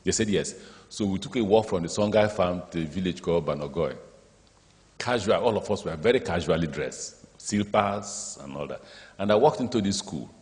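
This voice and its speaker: A man's voice: low voice, normal speed. A man with a Nigerian accent, a state governor addressing an education summit, telling stories and acting out the dialogue in them. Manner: lively storyteller, acts out dialogue in speech, draws audience laughter. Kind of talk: speech with anecdotes. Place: large conference hall. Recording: reverberant hall.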